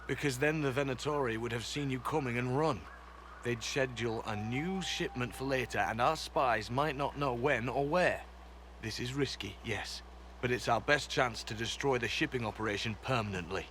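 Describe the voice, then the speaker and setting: An actor playing a calm, disciplined male soldier in a video game, speaking in a measured, matter-of-fact way. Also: medium pitch, slight background noise, close to an everyday voice.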